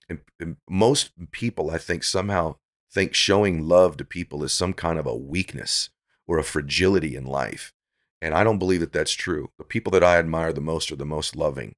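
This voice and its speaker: A man's voice: sits low, fairly quick. A middle-aged man speaking as a podcast guest, giving earnest, preachy motivational talk that builds to emphatic peaks.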